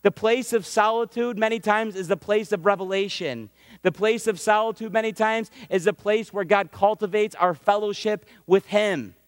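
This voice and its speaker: A man gives a sermon in a casual, conversational style, slipping into acted-out prayers. His voice sits fairly high. The sound is dry up close, but a long reverb trails off through the hall. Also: steady tone, normal speed. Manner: conversational preaching, acts out prayers and voices of God. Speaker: pastor.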